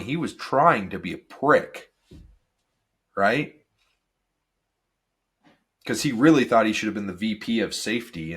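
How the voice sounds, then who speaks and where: Low husky guy rambling thru his solo podcast, lots of tangents, super energetic. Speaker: podcast host.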